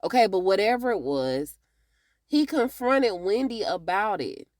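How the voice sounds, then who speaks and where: A woman's voice: medium pitch, expressive, measured pace, darkish tone, no room sound, studio quality. A woman giving a casual, chatty TV episode recap, talking straight to her viewers. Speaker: TV recap reviewer.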